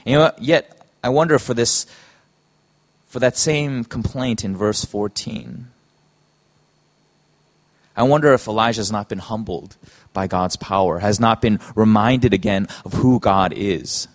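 A man preaching a sermon in an earnest, halting way, often restarting his phrases. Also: fairly low pitch.

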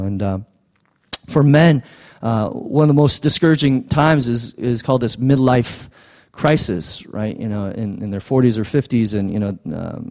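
A man preaching a sermon as pastor in a conversational, halting way. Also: medium pitch, vocal fry, warm tone.

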